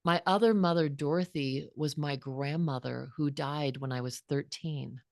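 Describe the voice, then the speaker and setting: A woman's voice: low voice, normal speed, vocal fry, darkish tone, no room sound, clean studio sound. A woman in her fifties, a guest author, telling a personal story in an earnest, reflective way with frequent restarts. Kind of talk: heartfelt storytelling.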